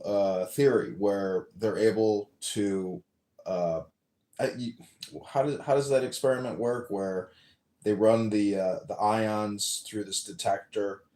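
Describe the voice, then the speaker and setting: A man's voice: fairly low pitch, a little mellow, roomy sound. A man in an online audio room, philosophizing, searching for words, stumbling and restarting. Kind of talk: casual chat.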